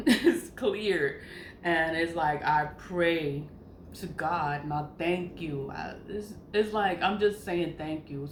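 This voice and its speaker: A woman's voice: low-pitched, a little hiss or hum. A woman vlogging in a casual, chatty way, swearing freely and laughing often. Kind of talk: casual spiritual vlog chat. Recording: echoey room with faint ambience.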